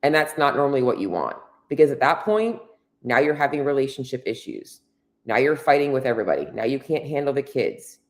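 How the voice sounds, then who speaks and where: A woman's voice: a bass voice, sing-song, brisk. A woman fitness coach talking straight to women in a solo podcast, blunt and candid, swearing freely as she coaches. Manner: earnest, coaching tone addressing women directly.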